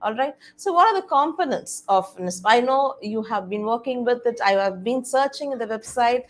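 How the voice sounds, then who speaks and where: A woman's voice: a little high, lively intonation, normal speed, a little hiss or hum. A woman giving an online presentation to faculty and students, explaining step by step and often stopping on "okay" and "all right". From India. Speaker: panel speaker on innovation policy.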